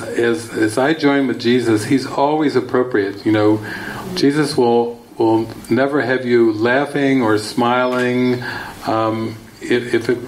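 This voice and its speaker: Laughing, animated man giving a retreat talk. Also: mid-range voice, a little hiss or hum, rough recording. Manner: animated storytelling, laughing often. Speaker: spiritual teacher. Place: retreat hall.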